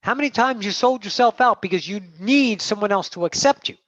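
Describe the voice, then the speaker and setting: A woman's voice: mid-range voice, lively intonation, fairly quick, no room sound, highs cut off. A woman channeling a spiritual teaching in a blunt, emphatic way, full of swearing, who addresses her listeners as masters. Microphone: video call.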